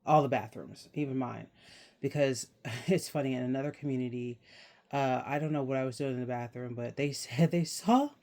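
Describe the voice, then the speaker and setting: Young adult man, vlog host, casual rambling chat, mid-pitched, laughs now and then. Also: normal speed, a little mellow. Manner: rambling, chatty, laughs while talking. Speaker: channel host.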